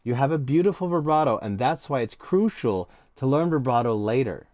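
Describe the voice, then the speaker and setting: A man's voice: mid-range voice, expressive, fairly quick, a little mellow, no echo. An American man teaching cello in a live online lesson, encouraging and hands-on as he counts out cues.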